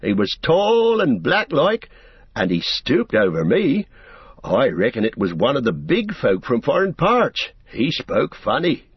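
An old hobbit gardener gossips in a raised, lively, rustic voice, as a male reader puts him on. The recording is dull and dry. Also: mid-range voice, a little slow, husky, no echo, pitched above the performer's own voice, full character voice. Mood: uneasy. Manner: folksy, rustic storytelling.

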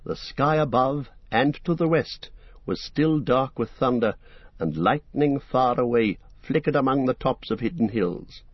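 A man's voice: mid-range voice, expressive, breathy edge, no room sound. Solemn male audiobook narrator. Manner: measured, solemn storytelling. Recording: dull dry lo-fi recording.

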